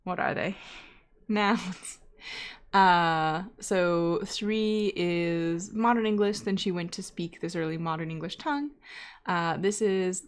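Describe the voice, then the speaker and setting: A woman with a slightly low voice hosts a live coding stream in a relaxed, chatty way. She thinks aloud as she works, filling gaps with "um" and "uh" and tossing in side remarks. Now and then she reads out comments from viewers. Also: takes it slowly, smooth. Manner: chatty, thinking aloud with many fillers and asides; reads chat messages aloud. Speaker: data scientist live-coding host.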